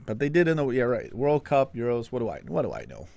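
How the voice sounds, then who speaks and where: A man's voice: mid-range voice, huge pitch swings, quick pace, vocal fry, dark tone, dry recording. A man from Canada hosting a casual football live stream, chatting and answering viewers in a self-mocking way. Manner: chatty, self-mocking, reads chat aloud. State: out of breath. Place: home room, window open.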